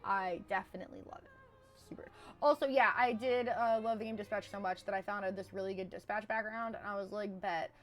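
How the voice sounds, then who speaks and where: A young woman with a high-pitched, squeaky voice, chatting casually and rambling on a live stream, swinging between loud and hushed. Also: steady tone, fairly quick. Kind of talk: casual chat.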